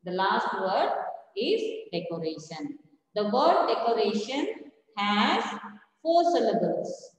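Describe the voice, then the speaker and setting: A woman's voice: medium pitch, sing-song, takes it slowly. A woman teacher giving a recorded lesson, spelling words out letter by letter. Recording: echoey room, voice far from mic.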